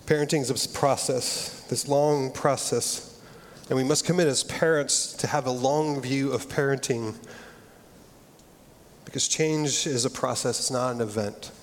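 A man's voice: mid-range voice, measured pace, a little hiss or hum. A middle-aged man preaching a sermon, earnest and conversational, often restarting his phrases. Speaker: pastor. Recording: long reverb of a large hall.

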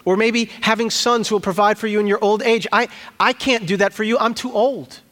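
A man's voice: high-pitched, steady tone, fairly bright tone, long reverb tail, pitched above the performer's own voice. A man voicing a weary old pleading widow. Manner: pleading, halting restarts.

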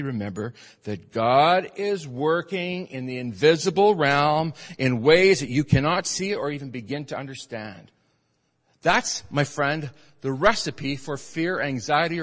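A man preaching a sermon as pastor, emphatic, swinging between loud urgent passages and quiet earnest ones. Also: a little high, animated, unhurried, in a large hall. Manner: emphatic preaching, rising and falling in force.

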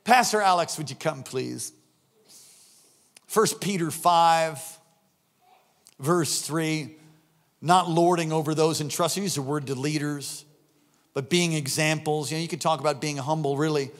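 A middle-aged man preaching a sermon, telling a story and acting out the voices in it, building up to shouts. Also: a little high. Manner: animated, acts out voices in anecdotes, rising to shouts. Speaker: pastor.

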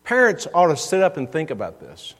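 A man's voice: fairly high pitch, wildly swooping pitch, fairly quick, a bit bright, big-room sound. A man preaching a sermon in a church, earnest and given to repeating words for emphasis.

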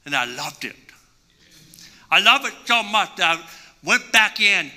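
A male pastor preaching a sermon and telling a story with animated swings between hushed and loud delivery. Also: high voice, unhurried, pauses often. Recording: long reverb in a large hall.

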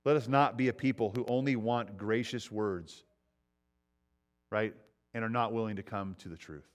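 A man's voice: fairly low pitch, moderate pace. Man preaching a conversational sermon. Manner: conversational preaching, acts out quoted voices, repeats lines for emphasis. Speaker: pastor.

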